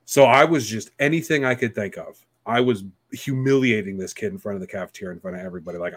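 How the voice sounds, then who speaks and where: A man with a fairly low voice tells a story at a podcast table, bluntly and with plenty of swearing. He acts out every quoted line himself. The sound is dry and close, with no room echo. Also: fast talker, hardly any pauses. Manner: profane, blunt, animated storyteller. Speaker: podcast guest.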